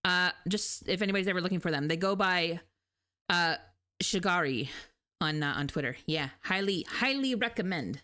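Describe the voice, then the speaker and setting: A woman's voice: lowish voice, expressive, normal speed, bright, forceful tone. A woman from Canada with a Canadian accent, chatting casually on a live stream, rambling and laughing often as she reads her chat.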